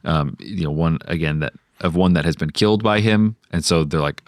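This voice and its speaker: A man co-hosting a storytelling podcast, pitching plot ideas casually with frequent fillers and pauses. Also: dry recording, studio quality. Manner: hesitant, many fillers, jumps into high-pitched character voices. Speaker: podcast co-host. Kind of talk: casual brainstorming chat.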